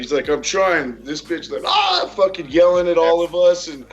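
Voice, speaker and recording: A man's voice: high voice, very animated, normal speed, highs cut off. A man telling a rowdy story in casual chat, laughing and swearing often. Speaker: podcast regular.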